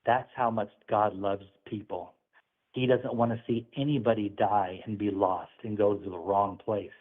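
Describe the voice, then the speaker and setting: A man's voice: fairly low pitch, fairly even intonation, normal speed, breathy edge. A man calling in, telling a religious testimony in an earnest, preachy storytelling manner. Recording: phone-line audio.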